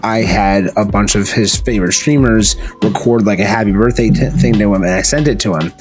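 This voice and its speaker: A man's voice: lowish voice, a little fast, music in the background. A man hosting a gaming podcast, chatting casually and often searching for words with fillers. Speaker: podcast host. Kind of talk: casual interview chat.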